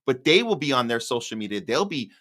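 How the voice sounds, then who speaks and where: A man's voice: mid-range voice, big pitch swings, quick pace, a bit bright. A man hosting a political podcast, asking long, rambling questions full of restarts in casual chat. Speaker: podcast host. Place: Hollywood.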